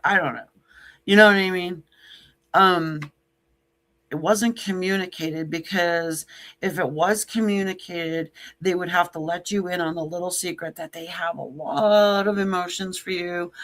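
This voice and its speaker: A woman's voice: lowish voice, a bit bright. A woman giving a casual tarot reading to camera, blunt and joking, with sassy asides and casual swearing. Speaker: tarot reader.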